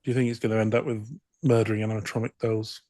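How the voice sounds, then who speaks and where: A man's voice: fairly low pitch, flat delivery, rapid-fire, mellow. A man co-hosting a comedy podcast, trading dry, teasing banter. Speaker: podcast co-host.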